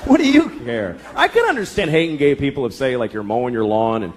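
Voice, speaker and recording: A middle-aged man performing stand-up on a stage mic before a live crowd, his delivery bouncy and full of swings in pitch. He tells crude, exasperated stories and slips into mocking voices. Faint laughter and room noise sit under him. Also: big pitch swings, quick pace. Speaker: stand-up comedian. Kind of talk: stand-up comedy set.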